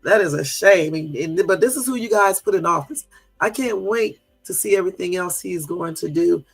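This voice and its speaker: With a gravelly, raised, high-pitched voice at normal speed, a man hosts a casual livestream in an indignant, rambling style, peppering his speech with "um." He speaks directly to his live viewers and answers them, while soft music plays faintly behind.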